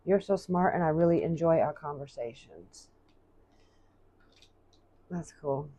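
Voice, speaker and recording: A woman giving a casual tarot reading, chatty and thinking aloud as she reads out card messages slowly. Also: low-pitched, warm tone, no room sound, muffled recording. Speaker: tarot reader.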